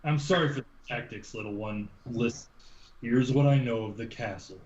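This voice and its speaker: A man voicing a stern, wry old human warrior in a tabletop game, speaking in a measured, storytelling way. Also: mid-range voice, darkish tone, reverberant, highs cut off, natural voice. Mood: grave.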